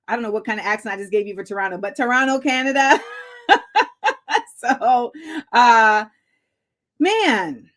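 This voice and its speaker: Chatty excitable woman hosting live. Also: fairly high pitch, moderate pace. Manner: chatty, excitable, laughing often. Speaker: host. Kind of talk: live-stream talk show chat.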